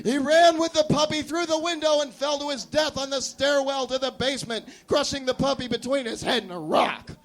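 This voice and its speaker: High-voiced man reading a comic story. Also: brisk, few pauses. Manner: deadpan absurd storytelling. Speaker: performance artist. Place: café.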